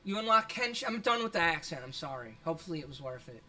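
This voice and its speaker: Quick and sing-song, this streamer's mid-range voice has a sharp tone. Their laid-back gaming commentary rambles along with plenty of cursing and laughing, plus some self-consciousness about their voice.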